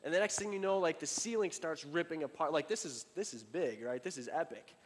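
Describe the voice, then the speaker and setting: Conversational preacher in a reverberant hall. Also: male voice, on the high side, fairly quick, slight background noise. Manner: conversational, many fillers and restarts, building emphasis then dropping soft. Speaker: pastor. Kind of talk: sermon.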